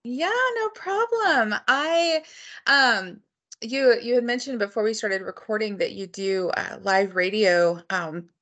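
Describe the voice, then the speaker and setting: Woman, podcast host, casual chat, unhurried, lots of ums. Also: mid-range voice, expressive, fairly bright tone. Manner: chatty, hesitant with many ums.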